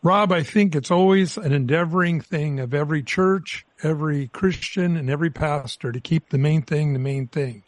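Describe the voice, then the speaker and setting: A man's voice: fairly high pitch, moderate pace, few pauses, dry recording, studio quality. A man hosting a Christian radio call-in show, greeting callers in a folksy way and calling them dear.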